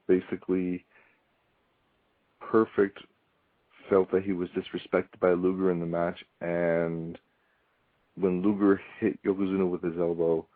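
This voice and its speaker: A man's voice: deep voice, dry recording. A man hosting a casual solo podcast review, rambling with frequent ums and wry asides. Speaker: podcast host reviewing wrestling. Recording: tinny phone-like line, dry.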